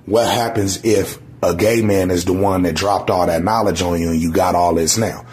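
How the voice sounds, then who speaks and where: A man's voice: sits low, moderate pace. A middle-aged man speaking earnestly and casually, often checking in with "you know". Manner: earnest, relaxed, with repeated "you know what I'm saying". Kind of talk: casual podcast chat.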